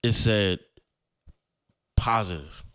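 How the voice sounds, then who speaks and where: A young man hosting a podcast tells a personal story, loose and rambling, full of slang and fillers. His voice sits fairly low and comes through smooth and resonant. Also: slow pace, a bit bright. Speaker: podcast host.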